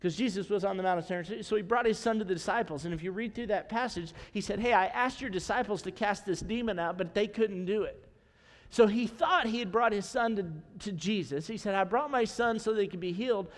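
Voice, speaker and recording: High-voiced man preaching in a reverberant church. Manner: conversational preaching with humorous asides. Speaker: pastor. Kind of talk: conversational sermon. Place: church sanctuary.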